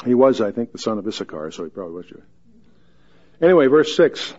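A man's voice: medium pitch, sing-song, quick pace, darkish tone, slightly rough, lo-fi sound. A man giving a verse-by-verse Bible teaching in a folksy, joking way, reading scripture aloud with rising emphasis.

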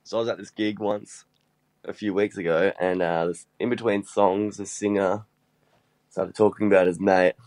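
A man's voice: lowish voice, fairly even intonation, normal speed, darkish tone, no room sound. A man telling an embarrassing story in a voice message, rambling and swearing. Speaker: listener sending a voice message.

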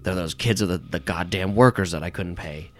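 A man's voice: low-pitched, brisk, lightly acted. A man voicing a furious missionary husband who rants bitterly. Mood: angry. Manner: bitter, ranting. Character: angry red-faced man, a missionary.

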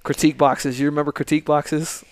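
A man hosting a podcast, talking in a laid-back, profane way with many halting fillers. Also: fairly high pitch, level tone, no echo. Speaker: podcast host. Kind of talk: casual chat.

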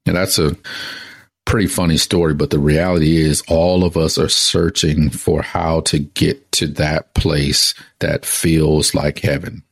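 A man's voice: a bass voice, level tone, unhurried, gravelly, dry recording, clean studio sound. A male pastor preaching a conversational sermon that opens with a joke told as a story.

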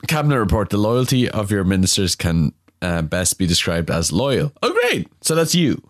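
Tipsy man, lively low voice. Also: normal speed, no echo, studio quality. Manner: giggly, reads game text aloud in a mock-official voice. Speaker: podcast co-host. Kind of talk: casual chat while playing a game.

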